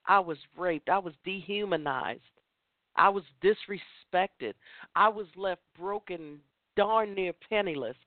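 A woman's voice: medium pitch, expressive, a little slow, no echo. A woman hosting a women's chat show, giving an impassioned motivational talk and repeating phrases for emphasis. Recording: tinny phone line, dry.

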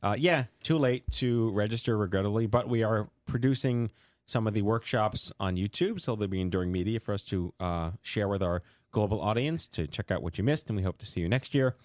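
A man with a New York accent hosting a casual talk show, rambling and joking through quick asides. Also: fairly low pitch, darkish tone, dry recording, clean studio sound. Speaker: show host. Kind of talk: casual talk-radio banter.

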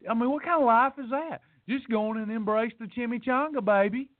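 A man's voice: very high voice, fairly quick, no echo. A man hosting a podcast in a casual, playful motivational monologue, folksy and teasing. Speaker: podcast host. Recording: dry, tinny phone-like sound.

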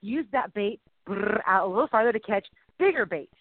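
A woman's voice: mid-range voice, lively intonation, fairly quick, dry recording. A middle-aged woman co-hosting a faith-based chat show, talking in an emotional, rambling way with playful sound effects. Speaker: co-host. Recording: tinny phone-like dry audio.

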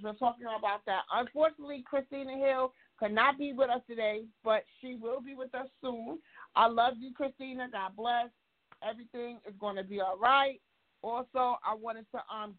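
A woman hosting a casual online talk show, rambling and correcting herself as she promotes products and gives shout-outs. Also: fairly high pitch. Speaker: show host and author. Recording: tinny phone-like line.

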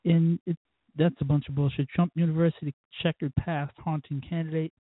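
A man's voice: fairly high pitch, level tone, a little fast, no echo. A man hosting a podcast alone, rambling and profane, with mimicked voices and sound effects. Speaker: podcast host. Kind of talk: casual solo monologue. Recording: tinny phone-like lo-fi sound.

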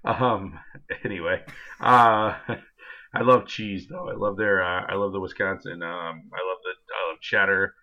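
A man in his twenties co-hosts a casual sports podcast, rambling with many fillers. His voice sits low yet bright and forceful. The recording sounds dull and lo-fi. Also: steady tone, measured pace. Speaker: podcast co-host. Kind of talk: casual chat.

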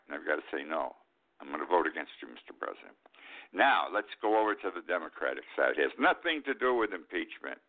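An older man hosting a talk show, giving an indignant, emphatic political commentary and repeating his points. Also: fairly low pitch. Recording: tinny phone-like line.

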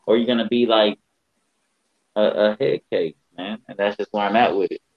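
A man's voice: on the low side, fairly even intonation, moderate pace, dull audio. A man co-hosting a casual basketball podcast, giving blunt, slangy opinions. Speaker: podcast co-host.

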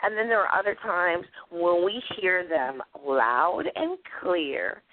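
A woman's voice: fairly low pitch, animated, slow. A woman hosting a radio show, chatting casually and laughing often. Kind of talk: casual chat. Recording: phone-line audio.

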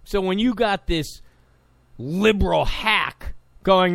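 A man's voice: high-pitched, slow, gravelly, fairly bright tone, no room sound. A man delivering a combative, sarcastic political monologue, repeating points for emphasis. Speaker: political commentator. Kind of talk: opinionated monologue.

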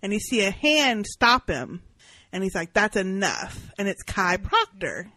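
A woman's voice: medium pitch, unhurried, no echo, poor audio. A woman co-hosting a podcast, recapping an episode in casual chat and acting out the characters' lines. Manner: animated, acts out characters' lines. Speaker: podcast co-host.

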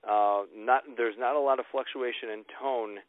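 A man's voice: medium pitch, fairly even intonation, normal speed. A man hosting an interview, thinking aloud and restarting his sentences as he reflects. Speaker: host. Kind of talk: interview conversation. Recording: tinny phone-like line, dry.

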